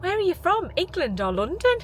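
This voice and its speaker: A woman voicing a gushing, friendly female cashier in a high, excited voice. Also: fairly quick, slight background noise.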